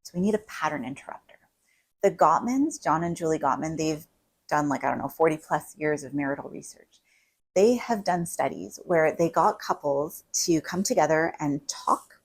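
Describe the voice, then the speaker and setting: A woman's voice: low-pitched, normal speed, husky, rough recording. A woman couples therapist explaining things in a casual, conversational way, often tagging on "right?". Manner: conversational, many "like" and "right?" asides. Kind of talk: casual advice talk to camera.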